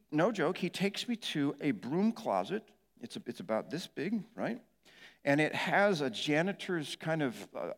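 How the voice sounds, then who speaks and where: A middle-aged male pastor telling a dramatic personal story in a sermon, acting out his own shouts and moans. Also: sits high, big-room sound. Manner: animated storytelling, acts out yelling and moaning.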